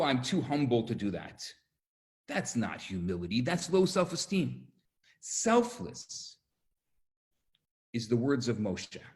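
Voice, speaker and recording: Man, rabbi, storytelling lecture, animated, acts out quotes, video call. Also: on the high side.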